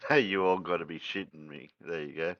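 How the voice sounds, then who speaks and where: An Australian man with a fairly low voice chats casually on a livestream and trips over his starts, repeating words before he gets going. The audio is dry and dull, like a lo-fi call. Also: fairly even intonation, fairly quick, no room sound. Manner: hesitant, repeats words while getting going. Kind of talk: casual chat.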